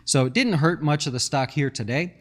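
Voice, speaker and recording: A man's voice: a little high, brisk. A man hosting a casual stock market show, talking in a chatty, rambling way and answering viewer questions.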